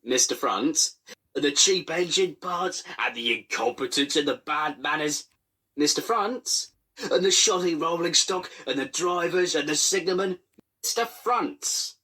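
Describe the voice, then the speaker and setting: A man's voice: a little high, a little slow, pushed and bright, husky, voice pushed up, exaggerated voice. A man voicing a cowardly, grovelling male railway controller in a fan-made storybook parody, whining and pleading. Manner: whiny, pleading, nervous.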